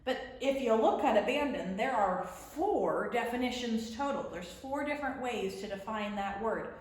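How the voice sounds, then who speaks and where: A woman teacher talks through a lesson at an unhurried, patient pace, drawing out the words she demonstrates. Her voice sits a bit high, and the room rings with heavy echo. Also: lively intonation. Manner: slow, patient explaining with drawn-out example words. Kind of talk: remote classroom lesson. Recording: very echoey room.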